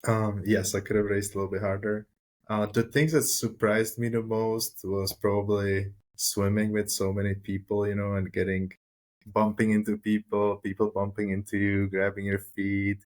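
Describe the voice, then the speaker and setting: A man with a fairly low voice talks as a podcast guest. He sounds plain and matter-of-fact and says "uh" and "you know" often. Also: level tone, moderate pace. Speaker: podcast guest, new triathlete. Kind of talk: casual podcast chat.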